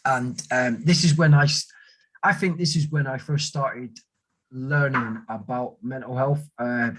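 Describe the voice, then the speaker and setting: A man's voice: mid-range voice, fairly even intonation, unhurried, fairly bright tone, low-quality recording. A man, an army veteran, telling rambling stories in a casual conversation and acting out the voices of the people he quotes. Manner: rambling storyteller who acts out quoted voices.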